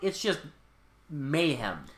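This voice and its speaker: A podcast co-host in a casual movie recap chat, excitable and swearing freely with loud exclaims. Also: mid-range voice, slow pace.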